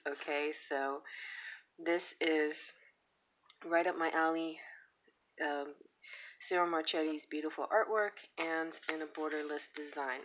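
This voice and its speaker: A woman's voice: sits low, a bit bright, a little hiss or hum, poor audio. A woman chatting casually as she flips through and reviews a tarot deck, with frequent giggles and trailing asides.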